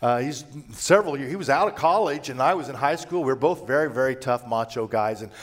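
A middle-aged man preaching a conversational sermon as a pastor, telling personal stories and moving between hushed and raised delivery. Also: mid-range voice, quick pace.

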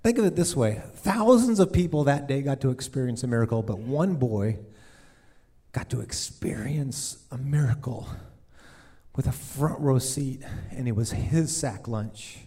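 A man's voice: mid-range voice, measured pace, warm tone, husky. A middle-aged male pastor preaching a sermon in a conversational, joking, storytelling way.

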